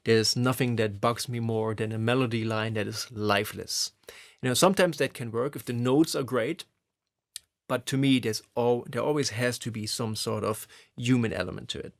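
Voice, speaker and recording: A man teaching lead guitar phrasing, explaining in a relaxed, conversational way. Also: medium pitch, normal speed, vocal fry. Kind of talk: instructional explanation. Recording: loud guitar playing behind voice. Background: electric guitar playing.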